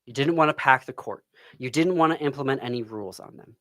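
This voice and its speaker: Angry podcast host, dry close mic. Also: male voice, mid-range voice, animated, a bit bright, no room sound. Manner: angry, pauses and sighs, near tears. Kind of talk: impassioned political commentary. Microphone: close studio microphone.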